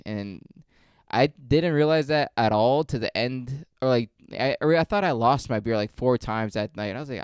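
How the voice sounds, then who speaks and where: A man hosting a podcast, telling stories in a rambling, profane, deadpan way on a close mic. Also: medium pitch, moderate pace, clear, resonant tone, dry recording. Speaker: podcast host. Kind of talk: casual storytelling.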